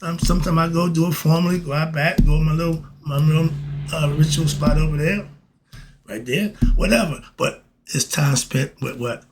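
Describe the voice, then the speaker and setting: Against a noisy background, a middle-aged podcast host with a fairly high voice speaks at normal speed in a casual spiritual monologue. Preachy and direct with the listener, he keeps posing and answering his own questions, repeating "why?" and "okay?".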